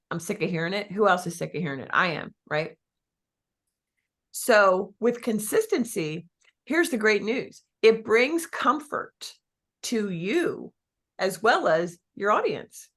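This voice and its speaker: Lively chatty lady coaching agents, lots of ums, animated. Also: medium pitch. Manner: energetic, chatty, lots of fillers. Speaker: real estate business coach. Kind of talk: coaching talk to an audience.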